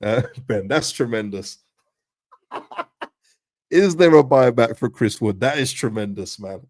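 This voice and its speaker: A man's voice: medium pitch, measured pace, dry recording, studio quality. Chatty man hosting a fan livestream. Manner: chatty, animated, repeats words and addresses viewers as "people". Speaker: host of a fan livestream reading chat. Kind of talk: casual livestream chat.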